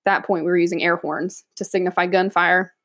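A woman's voice: on the low side, brisk, no room sound. A woman police officer telling a funny work story in casual chat, laughing often and acting out the voices of others. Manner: animated, laughs often, acts out quoted voices.

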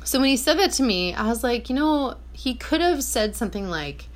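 A woman's voice: a little high, expressive, moderate pace, few pauses. A woman vlogging from her small apartment, talking in a casual, reflective monologue that rambles, fills with "like" and corrects itself as she goes. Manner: rambling, heavy on "like", self-correcting.

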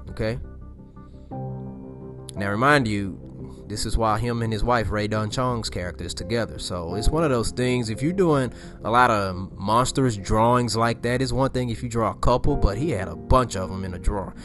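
A man's voice: lowish voice, a bit bright. A man casually retelling a movie scene, rambling and repeating himself with slangy asides. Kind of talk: casual storytelling.

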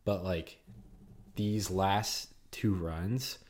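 Brief: relaxed guy, lowish voice, rambling podcast chatter. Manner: laid-back, rambling, drawn-out filler words. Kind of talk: casual chat.

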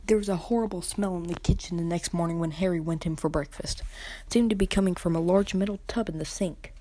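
A woman reads a children's novel aloud for her podcast at an unhurried pace. She often stumbles over a word and corrects herself. Her voice is low and mellow, and the recording is dry and close. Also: dry recording. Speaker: podcast reader. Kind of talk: audiobook reading.

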